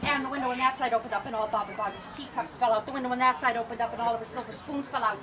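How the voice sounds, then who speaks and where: A woman storyteller telling a tale to children in an animated way, quizzing the audience as she goes, filmed from afar on an outdoor festival stage. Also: fairly high pitch, rapid-fire. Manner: animated, asks the audience questions. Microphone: far camera. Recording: distant camera, outdoor crowd noise.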